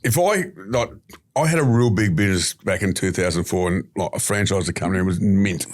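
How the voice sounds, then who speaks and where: A middle-aged Australian man talks as a guest on a podcast. His voice is fairly low, and he tells his stories bluntly in a slangy, casual way. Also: a little fast.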